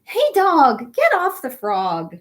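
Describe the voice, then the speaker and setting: A woman's voice: sits high, very animated, takes it slowly, pitched above the performer's own voice, heavily acted. A woman playing a bossy rhyming frog. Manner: emphatic, sing-song rhyming. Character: bossy, clever frog making new rules.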